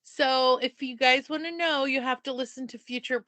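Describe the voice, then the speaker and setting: A woman co-hosting a podcast in casual chat, playful and joking with quick asides. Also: sits high, fairly even intonation, sharp tone, no echo. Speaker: podcast co-host.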